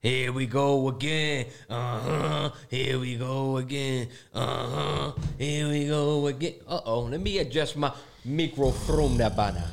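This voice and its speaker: A man's voice: medium pitch, a little slow, creaky, hardly any pauses. A man hosting a podcast, introducing the show in a playful, jokey way with sing-song bits and sudden howls. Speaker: podcast host.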